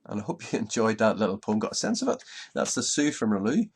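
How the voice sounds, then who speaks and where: A man's voice: on the low side, big pitch swings, fast talker, creaky, husky. A Northern Irish man giving an informal talk on Ulster Scots, hesitant with many ums and restarts.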